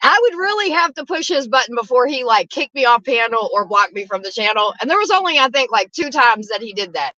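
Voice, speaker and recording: A woman hosting a casual livestream chat from a car, talking loudly with lots of profanity and frequent laughter. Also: fairly high pitch, expressive, brisk, few pauses, no room sound, lo-fi sound. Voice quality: loud, profane, laughing often. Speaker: livestream host.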